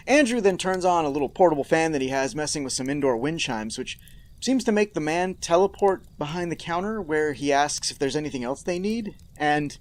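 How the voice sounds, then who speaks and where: Animated, high-voiced sarcastic male host. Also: a little fast, no echo. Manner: sarcastic, mock-outraged asides. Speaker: podcast host. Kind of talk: comedic episode recap.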